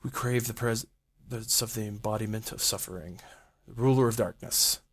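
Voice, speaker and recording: A man voicing a devoted male cultist in a quiet, solemn read. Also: on the low side, normal speed, lightly acted.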